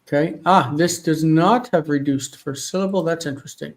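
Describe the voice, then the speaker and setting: Guy teaching an online class at home, bit high voice, thinks out loud while checking stuff. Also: normal speed, poor audio. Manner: thinks aloud, checks references mid-sentence. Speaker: Hebrew teacher. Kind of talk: live online class, working through texts. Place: home studio with one light.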